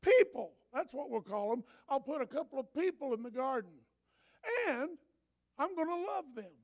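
A man's voice: extremely high pitch, expressive, normal speed, pitched above the performer's own voice. A man voicing God as a loving, all-powerful old male creator, musing grandly as he plans the world.

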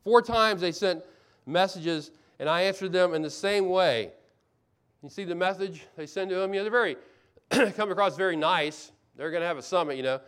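A man's voice: sits high, normal speed, a bit bright, clear, resonant tone. A man preaching a sermon as pastor, earnest, asking rhetorical questions and repeating phrases for emphasis.

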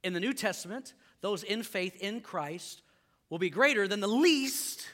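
A man's voice: high voice, expressive, measured pace, fairly bright tone. A man, a pastor, preaching a sermon to a congregation, joking and conversational, then emphatic.

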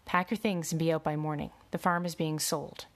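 A woman's voice: low voice, fairly even intonation, brisk, lightly acted. A woman voicing a dismissive male official in a suit who speaks curtly and scoffs. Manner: curt, scoffing.

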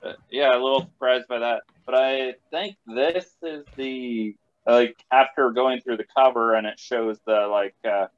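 A man in a casual podcast chat, talking in a halting, hesitant way with many restarts. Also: medium pitch, fairly even intonation, clean tone. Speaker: podcast regular. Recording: dull lo-fi sound.

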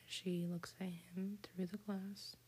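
Whispered role-play, lady narrating a cartoon ep, low mellow airy whisper. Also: level tone, a little hiss or hum. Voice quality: breathy whisper. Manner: slow, soft retelling of a cartoon episode. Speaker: storyteller.

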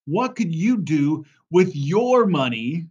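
Man, fundraising coach, emphatic monologue with slightly high pitch and a dull lo-fi recording. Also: very animated, slow pace, husky. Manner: emphatic, repeats key phrases, frequent "right?" and "okay?". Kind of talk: podcast monologue.

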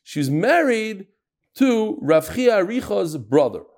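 Animated man teaching Talmud. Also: sits high, measured pace. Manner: mixes Yiddish-Hebrew terms into English, acts out dialogue.

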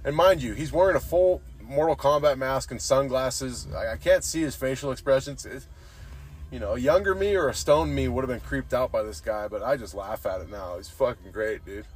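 A man's voice: medium pitch, moderate pace. A young man hosting a podcast, telling rambling, profane stories and saying "dude" constantly. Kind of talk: casual storytelling chat.

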